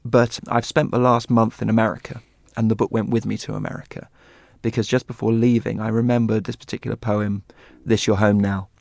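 A man's voice: lowish voice, little pitch movement, brisk, creaky, few pauses, a little mellow, dry recording, clean studio sound. A man chatting as a guest, telling an enthusiastic story about a book. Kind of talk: casual chat.

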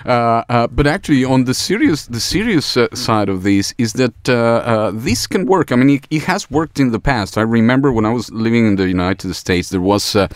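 A man joins a studio discussion in a playful way, often laughing as he moves through his points. His voice is fairly low, and the dry studio sound leaves no echo behind him. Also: animated, normal speed, hardly any pauses. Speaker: guest commentator. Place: radio studio.

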